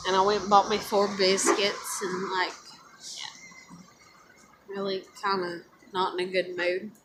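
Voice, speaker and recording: A woman's voice: medium pitch, level tone, a little slow, noisy background. A woman rambling and swearing to camera over drinks, swinging between bitter anger and teary outbursts. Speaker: vlogger.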